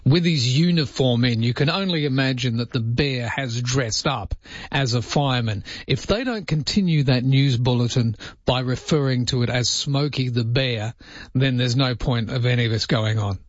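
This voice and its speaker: A man's voice: medium pitch, normal speed, dry recording. A man hosting overnight talk radio, joking and sounding incredulous as he goes through the news. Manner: jokey, mock-incredulous, puts on comic accents. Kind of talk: casual talk radio banter. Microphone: studio microphone, dry. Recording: muffled broadcast audio.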